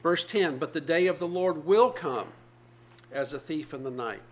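A man's voice: on the high side, expressive, normal speed, a little hiss or hum. A man, probably older, preaching a sermon, reading scripture aloud and explaining it earnestly with repeated phrases.

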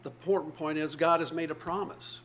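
A man's voice: on the high side, steady tone, fairly quick, fairly bright tone, a little hiss or hum. A man, probably older, preaching a sermon, reading scripture aloud and explaining it earnestly with repeated phrases.

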